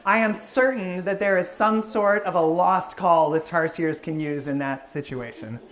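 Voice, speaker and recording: A man's voice: high-pitched, normal speed, fairly bright tone, slight background noise. A man giving a public science talk, answering audience questions in an enthusiastic, explanatory way.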